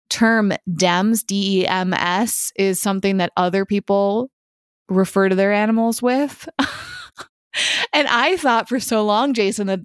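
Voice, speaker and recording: A woman's voice: medium pitch, clean tone, dry recording, clean studio sound. A woman co-hosting a podcast, chatting casually and laughing often with her co-host on a remote call.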